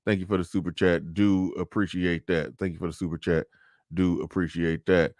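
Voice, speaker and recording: A man's voice: sits low, little pitch movement, normal speed, a little mellow, no echo, clean studio sound. A man hosting a casual livestream, commenting emphatically, repeating phrases and stumbling on restarts as he reads out super chats.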